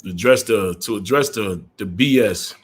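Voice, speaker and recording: A man's voice: on the low side, moderate pace, husky. A middle-aged man hosting a live stream, a truck driver ranting bluntly, repeating himself and greeting viewers. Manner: blunt, repetitive, greets viewers mid-rant.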